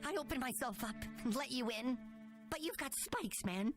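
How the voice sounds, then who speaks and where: An actor voicing a jittery, high-strung schoolboy in an animated cartoon, bursting out anxiously. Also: male voice, normal speed, over loud music. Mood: hurt, accusing. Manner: frantic, anxious outbursts.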